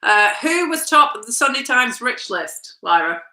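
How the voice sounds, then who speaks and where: A woman hosting an online family quiz, briskly reading out questions, answers and scores. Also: fairly high pitch, big pitch swings, pushed and bright, reverberant, slight background noise. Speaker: quiz host, mother.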